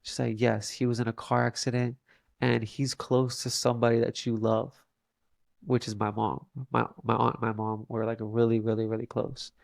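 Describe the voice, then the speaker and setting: A young man, a podcast guest, telling a long story in a halting way with many fillers and restarts. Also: medium pitch, completely flat delivery, vocal fry, dry recording. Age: young adult. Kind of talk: casual storytelling interview.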